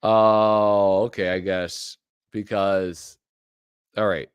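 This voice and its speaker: A man's voice: lowish voice, little pitch movement, very slow, clean tone, no echo. A man hosting a live show, chatting casually with rambling, joking asides that trail off mid-thought. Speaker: host. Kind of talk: casual live-stream commentary.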